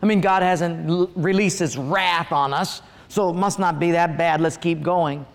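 A middle-aged male pastor gives a sermon. He speaks in a high voice and mixes playful, humorous stories into his teaching. His words carry a long reverb, as if they fill a large hall. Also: moderate pace, vocal fry. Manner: humorous storytelling, lively asides.

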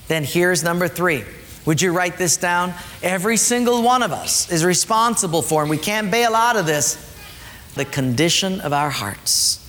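A man preaching a sermon, emphatic, dropping his voice low to drive his points home. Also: normal speed, a bit bright. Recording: echoey hall, faint ambience.

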